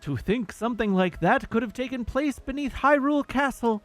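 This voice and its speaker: A man's voice: very high voice, moderate pace, soft background music. A man reading game dialogue aloud in his own voice as an earnest, formal fish-prince who speaks with courtly politeness. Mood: concerned.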